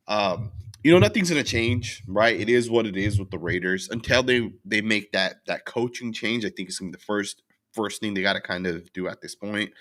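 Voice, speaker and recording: A man's voice: fairly low pitch, a bit bright. A young man hosting a casual post-game recap, rambling with fillers and restarts as he vents his frustration and answers chat comments. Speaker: sports channel host.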